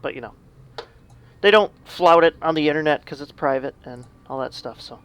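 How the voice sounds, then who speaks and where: A man co-casting a video game match, chatty and gossipy, with a gravelly edge. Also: fairly high pitch, normal speed, a bit bright. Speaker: esports co-caster. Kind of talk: casual game commentary.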